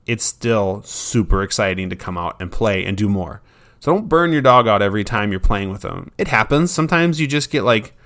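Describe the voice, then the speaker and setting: A man's voice: fairly low pitch, a bit bright. A man who trains dogs, giving casual advice in a chatty, self-deprecating way and sometimes acting out what his dog would say.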